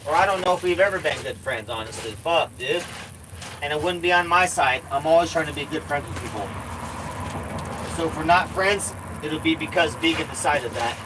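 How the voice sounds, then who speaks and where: Man streaming from his RV, loose rambling talk full of swearing and restarts, slightly high pitch, clear noise under the voice. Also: moderate pace. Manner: rambling, swears a lot, repeats himself. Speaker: live streamer. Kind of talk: casual live-stream chat. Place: inside an RV.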